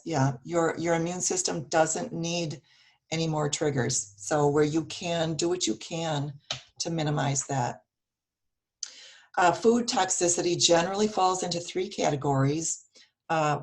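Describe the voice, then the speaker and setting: A woman with a low, gravelly, hoarse voice gives earnest wellness advice over a video call. She talks steadily with plenty of ums and uhs. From Wisconsin, US. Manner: earnest, advice-giving, with many fillers. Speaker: guest speaker on wellness. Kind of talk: casual online meetup talk. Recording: video call audio with dropouts.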